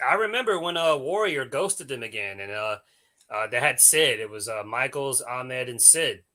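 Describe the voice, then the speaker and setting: A man's voice: mid-range voice, normal speed. A man co-hosting a casual chat show, telling stories with slang and laughing often. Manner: animated storyteller, laughs often; coarse slang. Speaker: podcast co-host.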